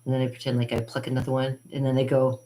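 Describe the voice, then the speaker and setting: A woman's voice: rumbling low, little pitch movement, racing, dark tone. A woman magician and channel host, telling rambling stories about her childhood in a chatty, digressive way, with frequent laughs and fillers. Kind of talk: rambling personal storytelling.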